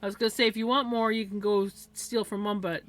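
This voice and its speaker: A woman chatting casually on a crafting livestream, laughing often and cooing softly at her pet. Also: mid-range voice, flat delivery, fast. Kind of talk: casual chat.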